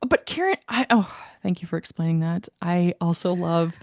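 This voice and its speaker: Very lively, this podcast co-host tells a story in casual chat, laughing often and acting out what others said. Her voice is fairly low, and she keeps a moderate pace.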